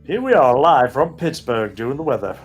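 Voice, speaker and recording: A man's voice: mid-range voice, big pitch swings, normal speed, husky, faint music behind. A man from northeast England with a Newcastle accent, co-hosting a casual live stream, chatty and laughing often. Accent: Newcastle Geordie. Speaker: co-host.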